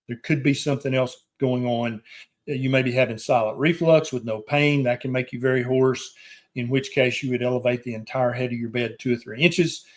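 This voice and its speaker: Plain-spoken doctor hosting a live show. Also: male voice, mid-range voice, steady tone, brisk. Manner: plain-spoken, direct, reassuring advice. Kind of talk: casual live-stream chat, reading viewer questions aloud.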